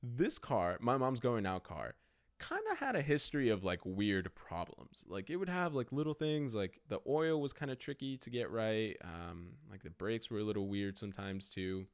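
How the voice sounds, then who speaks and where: This podcast host is a young man whose voice sits on the low side, clear and resonant, moving at a normal speed. His story wanders casually and animatedly, packed with "like."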